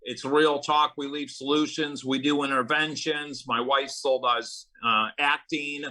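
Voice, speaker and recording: Bright-voiced man telling his story. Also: mid-range voice, steady tone, poor audio. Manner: earnest, storytelling, quick bursts of emphasis. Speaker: guest, recovery advocate and speaker. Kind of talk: conversational interview.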